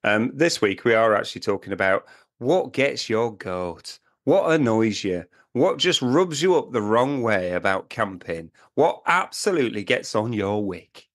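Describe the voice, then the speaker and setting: This is a British man co-hosting a relaxed camping podcast. His voice sits slightly low, and he rambles along in a chatty, jokey way. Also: measured pace, hardly any pauses. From Britain. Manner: chatty, joking, puts on silly accents. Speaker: podcast co-host. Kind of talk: casual chat.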